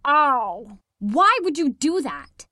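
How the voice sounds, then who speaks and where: A woman's voice: sits high, big pitch swings, slow pace, bright, forceful tone, no room sound, studio quality, full character voice. A woman voicing two bubbly, mischievous young witch sisters in a sing-song, giggly way. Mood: alarmed.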